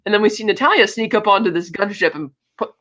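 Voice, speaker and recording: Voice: mid-range voice, quick pace, sharp tone. A podcast co-host casually recapping a film, retelling scenes with loose asides and acted bits of dialogue. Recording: dull lo-fi audio.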